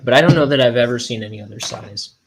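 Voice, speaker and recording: A young man, a cartoonist, rambling in a meandering, self-deprecating way with deadpan jokes while he works. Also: medium pitch, fast, vocal fry, husky. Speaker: cartoonist inking his graphic novel. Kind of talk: casual rambling studio vlog.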